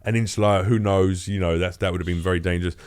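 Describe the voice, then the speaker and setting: A middle-aged comedian tells a wild story casually, swearing freely and acting out the other people's voices. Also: male voice, deep voice, fast talker, clear, resonant tone. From England. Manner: profane, animated, acts out quoted voices. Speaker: comedian guest.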